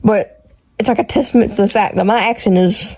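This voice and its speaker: Fast-talking Texas country woman. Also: medium pitch, fairly even intonation, dark tone, rough recording. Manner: fast-talking, rambling with restarts. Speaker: podcast host. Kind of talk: casual solo podcast chat. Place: her bedroom. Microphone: AirPods with iPhone recording.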